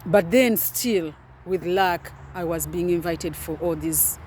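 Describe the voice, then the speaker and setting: A woman's voice: fairly low pitch, slow, a little mellow, slight background noise. A woman in her forties, a doctor, giving an impassioned personal testimony with emphatic repetition. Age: 40s.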